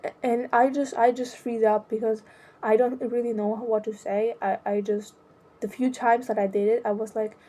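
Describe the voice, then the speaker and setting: A young adult woman talking about her own life in a hesitant, halting way, often restarting her sentences. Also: a little high, level tone, dark tone. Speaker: vlogger. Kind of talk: personal confessional monologue.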